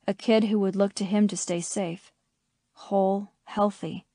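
A woman narrates an audiobook at a measured, steady pace. Her voice is warm and mellow, recorded dry and close with no room sound. Her pitch sits in a middle range. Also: no echo. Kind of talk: scripted first-person narration.

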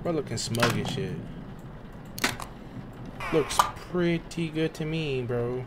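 Young male streamer, mid-pitched, jumpy horror-game chatter full of slang and swearing. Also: slow, very noisy. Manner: excitable, swearing, talks to the screen with slang. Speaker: gaming streamer. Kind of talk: casual horror game commentary.

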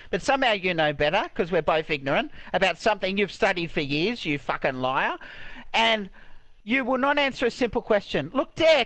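A man's voice: sits high, bright, forceful tone, dry recording. A man ranting angrily and swearing heavily in game voice chat, repeating himself over a headset. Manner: angry, ranting, repetitive, heavy swearing. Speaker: online game player.

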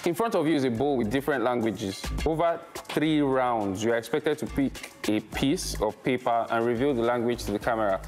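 A Nigerian comedian explaining game rules and joking in laid-back game show banter. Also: male voice, medium pitch, a little mellow. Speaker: comedian guest.

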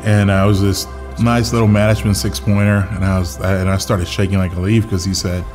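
Young guy, documentary storyteller, low-ish voice, loose and chatty, music bed underneath. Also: flat delivery, fairly quick. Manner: casual, lots of filler words, acts out quotes. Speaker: interviewee telling his story.

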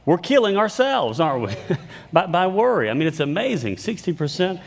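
A man's voice: sits high, big pitch swings, normal speed, creaky. Guy preaching, chatty and joking at himself, lots of restarts, long echo off the hall. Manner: conversational, self-deprecating humor, frequent restarts. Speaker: pastor. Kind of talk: sermon with storytelling. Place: church sanctuary.

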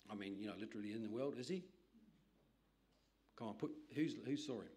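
A man's voice: on the low side, fairly quick, pauses often, darkish tone. Man preaching in rambling stories. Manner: rambling, conversational storytelling with restarts. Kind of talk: sermon with personal stories.

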